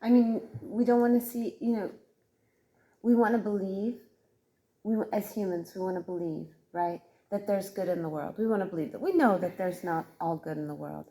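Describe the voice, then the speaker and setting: A woman co-hosting a podcast who answers calmly and reassuringly, repeating her phrases. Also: medium pitch, moderate pace, poor audio. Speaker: podcast co-host. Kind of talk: casual conversation.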